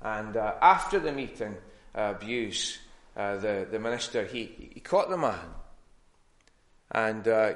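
A male preacher giving a conversational sermon and explaining a Bible passage, with frequent pauses and fillers. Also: fairly low pitch, lively intonation, a bit bright.

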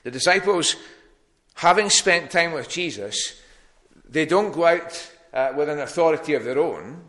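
A man's voice: fairly high pitch, lively intonation, a little slow, fairly bright tone. A man preaching a sermon in a plain teaching tone, with frequent ums and restarts.

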